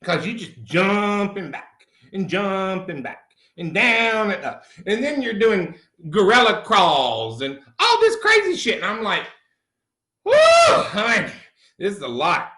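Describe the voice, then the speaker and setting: A middle-aged man, a comedy character host, plays a crude, brash country man in an improvised comic monologue, cursing freely and calling everyone honey. His full character voice is high-pitched, pushed and bright, very animated yet unhurried. The recording has a roomy echo.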